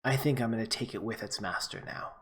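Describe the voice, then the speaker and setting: A man voicing a smug, fanged male vampire villain who speaks softly and mockingly. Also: on the low side, fast, close to an everyday voice. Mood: smug menace. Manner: soft, mocking, menacing.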